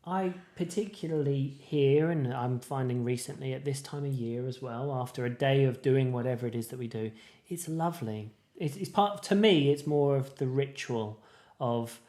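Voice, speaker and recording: A man's voice: mid-range voice, normal speed, few pauses, dark tone. Man rambling in casual podcast chat. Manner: rambling, many fillers and restarts. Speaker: podcast co-host.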